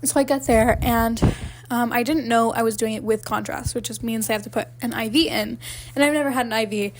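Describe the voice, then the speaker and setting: Young woman, podcast co-host, rambling casual storytelling, lots of fillers, a bit high-pitched. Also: fairly even intonation, brisk, a little hiss or hum. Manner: rambling storyteller, filler-heavy, often laughing. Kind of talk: casual chat.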